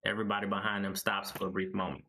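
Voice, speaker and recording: A man's voice: fairly low pitch, completely flat delivery, very fast, pushed and bright, slight background noise. A man who is a guest on a podcast and works in airport security, explaining things step by step in casual chat.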